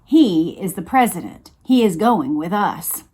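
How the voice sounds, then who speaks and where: A woman's voice: fairly low pitch, expressive, darkish tone, breathy edge. Woman reading as a firm, drawling federal agent. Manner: deliberate, firm. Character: firm male Secret Service agent with a deliberate drawl. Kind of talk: read-aloud book dialogue.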